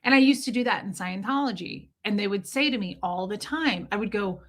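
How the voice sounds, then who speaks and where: A woman with a bright, forceful voice talks casually on her livestream, rambling and restarting her sentences. She keeps breaking off to greet viewers and answer their comments. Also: medium pitch, a little fast. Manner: chatty and rambling, with frequent restarts and asides to viewers. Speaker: YouTube livestream host.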